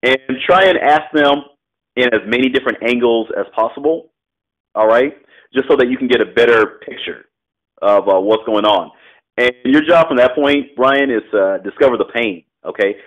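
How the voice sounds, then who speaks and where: A man coaching a student over a call on real estate, casual and loose, often laughing and acting out quick phone exchanges. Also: medium pitch, lo-fi sound. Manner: loose, laughing, quick bursts of role-played phone talk.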